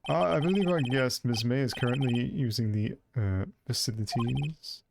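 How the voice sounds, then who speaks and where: A man's voice: mid-range voice, normal speed, vocal fry, noisy background, close to an everyday voice. A man voicing a polite male hotel bellboy who speaks formally and deferentially. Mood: courteous.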